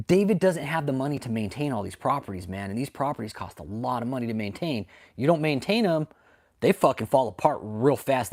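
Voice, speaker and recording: A man hosts a livestream and rants in heavy profanity, his voice sitting in an ordinary middle range. He calls out his target by name, jumps to sudden loud bursts of anger, then drops back to muttering asides for his live chat. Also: mid-range voice. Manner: angry, profane ranting with sudden loud outbursts; reads and answers live chat. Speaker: livestream host.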